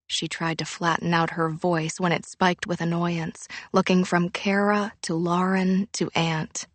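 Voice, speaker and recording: Slow, dry audiobook narrator, a woman. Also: fairly low pitch, no echo. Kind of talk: scripted narration.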